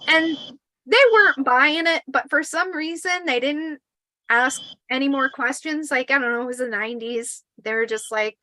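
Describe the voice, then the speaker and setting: A woman in her forties telling a spooky personal story in a casual, animated way, swearing and acting out the quotes. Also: high voice, unhurried, no room sound, poor audio.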